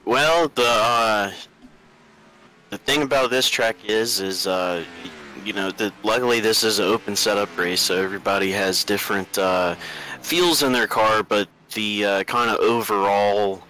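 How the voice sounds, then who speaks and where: A man's voice: lowish voice, a little slow, sharp tone, a little hiss or hum, low-quality recording. A man giving race analysis in a rambling, hesitant way, full of fillers. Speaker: racing analyst. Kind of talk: race commentary.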